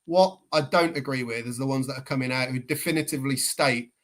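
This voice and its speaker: A man's voice: medium pitch, fast talker. A man on a football fan podcast, emphatic and argumentative, who stumbles over the first words of his points. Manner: emphatic, argumentative, stammers when starting. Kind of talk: casual fan chat.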